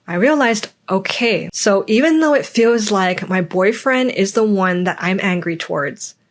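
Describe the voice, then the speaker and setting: A young adult woman hosting a podcast, speaking candidly in a reflective personal monologue and acting out the voices in her stories. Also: lowish voice. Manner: candid, acts out quoted voices. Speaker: podcast host.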